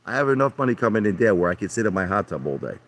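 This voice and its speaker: Deep-voiced brash man ranting live. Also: very animated, rapid-fire, fairly bright tone, slight background noise. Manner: brash, argumentative, repeats himself, addresses chat by name. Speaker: livestream host. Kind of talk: rambling live chat with viewers. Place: in a hot tub by a pool.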